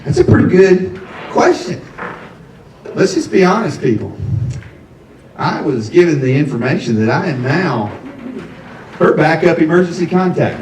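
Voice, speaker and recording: A man performs stand-up comedy, drawing out his punchlines in a relaxed storytelling way. His voice sits a little high for a man. It sounds echoey and a bit distant, picked up from off the mic in a small venue. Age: 50s. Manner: conversational storytelling with drawn-out punchlines. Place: coffee shop with a live audience.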